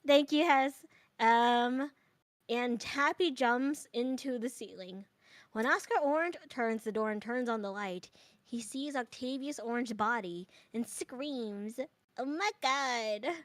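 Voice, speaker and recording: A woman's voice: on the high side, a little slow, no room sound. A woman streamer reading a creepypasta aloud with banter, giggly and self-deprecating.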